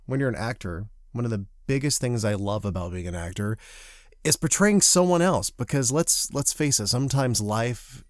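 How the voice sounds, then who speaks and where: A man from the Southern United States co-hosting a podcast, an actor telling animated, self-deprecating stories and giving advice. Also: mid-range voice, no echo, studio quality. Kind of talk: casual chat with advice.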